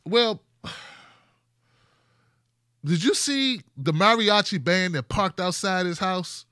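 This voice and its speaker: Bright-voiced sarcastic male commentary host. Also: sits high, measured pace, no echo, clean studio sound. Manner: animated, sarcastic, mock dialogues with rhetorical questions. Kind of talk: casual commentary monologue.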